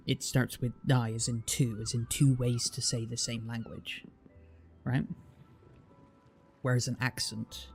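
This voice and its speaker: Gravelly British man chatting. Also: medium pitch, darkish tone. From Britain. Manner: chatty, restarts a lot, explains at length. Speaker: streamer. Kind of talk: casual chat reading viewer comments.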